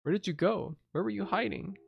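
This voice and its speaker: A man voicing a brooding young male killer from a video game, reading the lines aloud in a soft, level voice. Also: high voice, a little fast, gravelly, breathy edge, highs cut off, voice pushed up, heavily acted.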